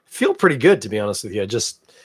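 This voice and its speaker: A man's voice: fairly low pitch, big pitch swings, quick pace, breathy edge, dry recording, studio quality. A man with a stuffy, snuffly cold hosting a casual live beer-tasting podcast, chatty and self-deprecating with rambling asides. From Canada. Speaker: podcast host.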